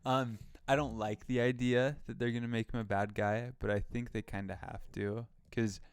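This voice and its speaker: A man's voice: medium pitch, fairly even intonation, normal speed, smooth, no echo. A young man co-hosting a pop culture podcast, chatting casually and rambling with many fillers. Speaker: podcast co-host. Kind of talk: casual chat.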